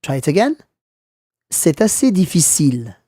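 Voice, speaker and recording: Male language teacher, mellow and dry, clear slow delivery for learners. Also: on the high side, sing-song, no room sound. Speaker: French teacher. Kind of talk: scripted lesson narration.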